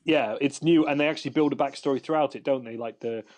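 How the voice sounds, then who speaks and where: This podcast host talks fast in a medium-pitched, slightly mellow voice. His casual chat rambles, full of fillers and restarts.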